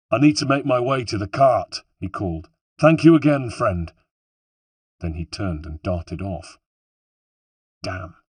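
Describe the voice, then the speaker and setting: Guy reading an action audiobook, low husky voice, sounds a bit far from the mic, dry room. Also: no room sound. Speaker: audiobook narrator. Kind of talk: first-person audiobook narration.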